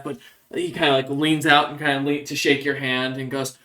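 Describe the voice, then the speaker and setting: A man's voice: a little high, little pitch movement, fast talker, a bit bright, recorded from a distance. A young man running a tabletop game as game master, narrating casually with many fillers.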